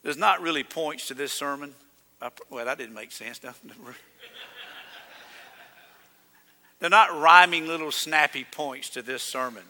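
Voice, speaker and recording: A man preaching a sermon as pastor, emphatic, rising to loud declarations. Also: on the high side, slow, long pauses. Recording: reverberant church hall.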